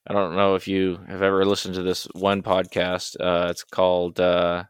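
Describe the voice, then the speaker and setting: A man's voice: deep voice, completely flat delivery, normal speed, smooth, dry recording. A man co-hosting a casual podcast, making dry sarcastic asides. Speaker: podcast co-host. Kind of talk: casual chat.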